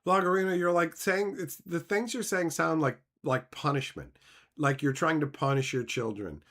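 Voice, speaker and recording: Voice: medium pitch, normal speed, a bit bright. A streamer reacting to chat in casual talk, sarcastic and mocking, swearing often and laughing between remarks. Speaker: streamer reading chat aloud.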